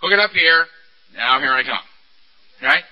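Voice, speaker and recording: High-voiced man giving a candid recovery talk. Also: measured pace. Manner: candid, animated storytelling with rhetorical questions. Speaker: recovery meeting speaker. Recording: dull lo-fi recording.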